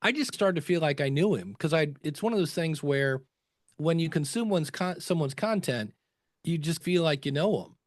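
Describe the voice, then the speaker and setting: A man guesting on a podcast, telling relaxed stories and acting out quotes from other people. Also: a little high, moderate pace, no room sound, clean studio sound. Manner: chatty anecdotes with acted quotes. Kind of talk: conversational interview storytelling.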